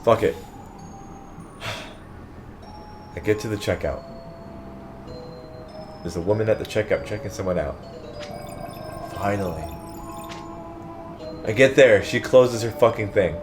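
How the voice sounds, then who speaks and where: A man's voice: on the low side, slow, long pauses. A man telling an exasperated, profane story in casual chat while playing a video game with a friend. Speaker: let's play co-host. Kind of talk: casual ranting story over gameplay. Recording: game music playing underneath. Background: game music.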